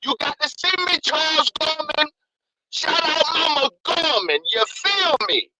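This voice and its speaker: A man with a strikingly high voice rants on a call-in line, heated and profane. He is full of slang and repeats his points again and again. A clear hiss of noise sits under the call. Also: expressive, measured pace. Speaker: caller. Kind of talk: fired-up call-in rant.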